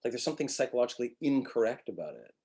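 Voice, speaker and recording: Man, acting teacher, husky voice, blunt and profane, animated webinar lecture. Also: mid-range voice. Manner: blunt, profane, animated, acts out quick quotes.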